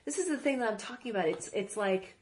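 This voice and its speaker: A woman guest who grew up in Iraq, telling stories in a casual interview, rambling with quick asides. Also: fairly high pitch, lively intonation.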